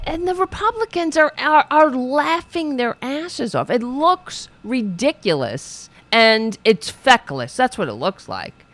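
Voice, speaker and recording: A woman's voice: high voice, fairly bright tone. A woman hosting a political show, ranting in a profane, sarcastic, exasperated way while reading viewers' chat.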